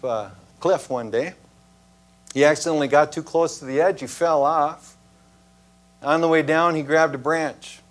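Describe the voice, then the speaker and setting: Pastor giving a sermon, chatty and storytelling, keeps asking the room "huh?", mid-pitch voice. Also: male voice. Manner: conversational, storytelling preaching with "huh?" asides. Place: church sanctuary.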